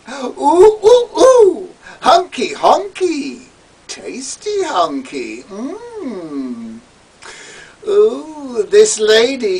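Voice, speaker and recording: A man's voice: extremely high pitch, breathy edge, pitched above the performer's own voice, exaggerated voice. A man voicing a flamboyant, brazen camp man who squeals, whoops and coos. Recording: distant mic with faint hiss.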